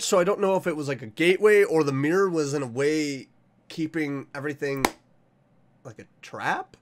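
A man giving let's play commentary, thinking aloud and bursting into high-pitched, confused panic. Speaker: game streamer.

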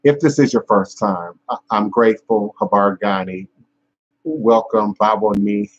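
Husky-voiced man hosting a spiritual live stream. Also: lowish voice, muffled recording. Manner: measured, emphatic, repetitive phrasing; frequent fillers and restarts. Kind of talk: unscripted live-stream talk.

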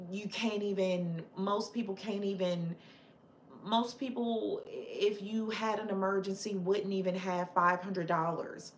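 A woman's voice: medium pitch, reverberant, a little hiss or hum. A woman hosting a casual live chat with her viewers, passionate and opinionated, chatty with frequent fillers and restarts. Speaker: livestream host chatting with viewers.

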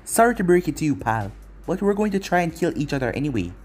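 A man's voice: fairly high pitch, very animated, fast talker, darkish tone, soft background music. A man voicing a cocky young male ninja fighter in a fan-made story reading, with a mocking, taunting delivery.

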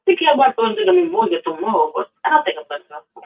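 A man's voice: very high voice, wildly swooping pitch, rapid-fire. A man with a Haitian accent calling in to a talk show and asking doubtful questions. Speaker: caller. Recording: distant tinny phone line.

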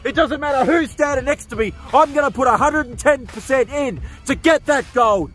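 A man giving a profane, berating wrestling promo as a wrestler, shouting at times. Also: extremely high pitch, normal speed, few pauses, soft background music.

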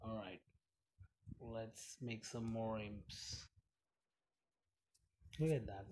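A man's voice: on the low side, fairly even intonation, very slow, darkish tone, a little hiss or hum. A man giving casual, rambling commentary while playing a mobile game, chatty and giggly, with many fillers. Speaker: gaming channel host.

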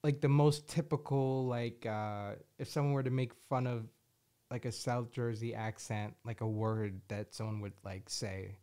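A relaxed man hosting a podcast, chatting loosely with his co-host. He laughs easily and drops casual swears, rambling through his stories at an unhurried pace. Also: medium pitch, clear, resonant tone. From Boston area. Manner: laid-back, laughs often, swears casually. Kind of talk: casual chat.

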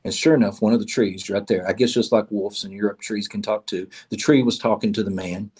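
A man's voice: on the low side, fairly even intonation, a little fast, a little mellow, breathy edge. A man telling a parable at a church in a folksy way, often repeating his words. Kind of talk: told parable.

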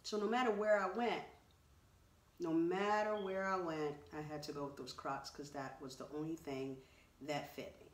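A woman's voice: deep voice, steady tone, moderate pace, distant mic. A woman chatting through a clothing try-on haul video, exclaiming and talking straight to her viewers. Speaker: vlogger. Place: home room. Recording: roomy echo.

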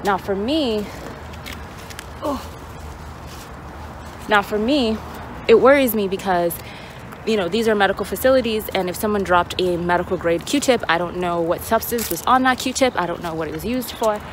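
A woman's voice: mid-range voice, moderate pace, long pauses. A woman chatting casually in a vlog while walking her dog outside, rambling with lots of fillers. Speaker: vlogger. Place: outdoors in a parking lot, walking a dog. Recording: noisy outdoor recording.

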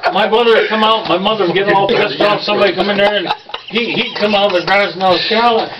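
A man's voice: sits high, fast talker, far from the mic, highs cut off, a loud crowd. A man telling profane stories among friends, often laughing while he talks. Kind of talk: casual storytelling.

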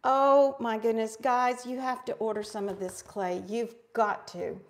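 A woman's voice: fairly high pitch, fairly even intonation, unhurried. A middle-aged woman hosting a live craft stream, bubbly and chatty, calling her viewers friends. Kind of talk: casual live craft demo chat.

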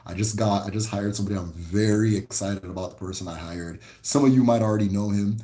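A man from the American Midwest hosting a casual livestream, answering viewer questions in a relaxed, rambling way with many fillers and restarts. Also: lowish voice, fast, echoey room.

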